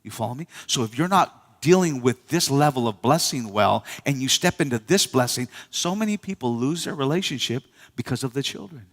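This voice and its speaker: A male pastor preaching a sermon in a church, lively, with call-and-response asides to the congregation. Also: mid-range voice, a little fast, long reverb tail. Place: church hall.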